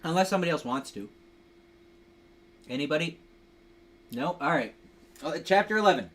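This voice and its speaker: A man's voice: a little high, animated, moderate pace. A young man hosting a casual livestream, rambling and joking while drinking, reading a fanfic aloud mockingly. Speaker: livestream host.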